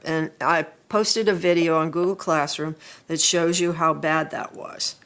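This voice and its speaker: While sketching, a middle-aged female art teacher talks through a drawing lesson in an easygoing, chatty manner. Her voice sits low but has a fairly bright tone.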